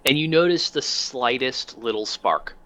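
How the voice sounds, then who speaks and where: A man narrating as game master, talking in a halting way with many fillers. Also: mid-range voice, animated, sharp tone.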